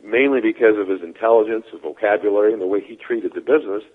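Low, husky man on a phone line. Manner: measured, deliberate storyteller. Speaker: guest, former wrestling figure. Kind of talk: interview storytelling. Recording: tinny phone-line call-in.

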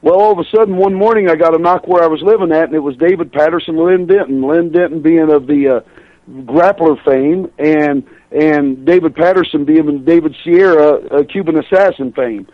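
A man's voice: on the high side, normal speed, no room sound, muffled recording. A man in his sixties, a professional wrestler as a radio guest, telling chatty road stories and laughing through them. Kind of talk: radio interview storytelling.

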